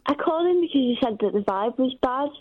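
A woman's voice: sits high, expressive, quick pace, breathy edge. A young adult woman calling in to a radio show, chatting casually and giggling, with lots of "like". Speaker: caller. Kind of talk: casual phone-in chat. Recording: muffled phone line.

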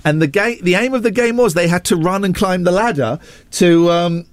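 A man's voice: high voice, normal speed, no room sound. A man, hosting a radio show in a rambling, self-deprecating chat that jumps between asides. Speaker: radio host. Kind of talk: casual on-air chat. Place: radio studio.

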